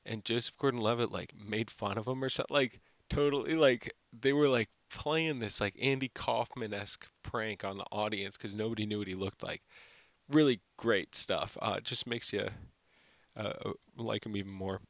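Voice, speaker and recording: Gravelly low-voiced man rambling a review. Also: fairly even intonation, moderate pace, fairly bright tone, no room sound. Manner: rambling, heavy use of "like" and fillers. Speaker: film review channel host. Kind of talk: unscripted casual film review.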